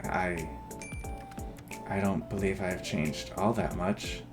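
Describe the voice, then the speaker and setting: A man voicing a brooding, flirtatious male grim reaper in a dating game, with a low, teasing delivery. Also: steady tone, slow, music in the background. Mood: guarded. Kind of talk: voiced dating-game dialogue.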